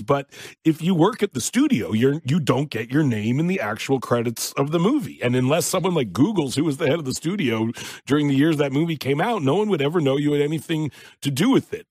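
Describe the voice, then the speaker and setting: A man, the guest and co-creator of a TV comedy, telling animated anecdotes in casual interview chat and laughing through them. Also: fairly high pitch, husky, dry recording.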